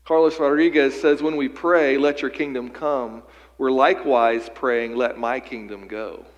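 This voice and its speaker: A man from western Pennsylvania preaches a sermon in a loose, conversational storytelling style, often doubling up his words as he goes. His voice sits at an ordinary middle pitch. It carries a long reverb from a big hall. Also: fairly even intonation, a little slow, highs cut off. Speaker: pastor.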